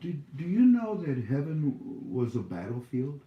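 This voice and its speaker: A man's voice: a little high, sing-song, a little slow, echoey room, muffled recording. A man hosting his own YouTube channel, talking casually to viewers from home in a scolding, preachy way, rambling with many fillers.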